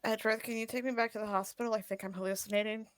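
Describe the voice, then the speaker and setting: A woman's voice: on the high side, steady tone, racing, clean tone, no room sound, clean studio sound, lightly acted. A woman voicing a sarcastic, exasperated woman detective in a tabletop game.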